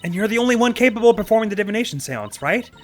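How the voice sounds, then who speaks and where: A man's voice: sits high, animated, rapid-fire, faint music behind, pitched above the performer's own voice. A man voicing a cheerful, friendly young woman spirit medium in a game let's play, with a peppy, bouncy delivery. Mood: earnest.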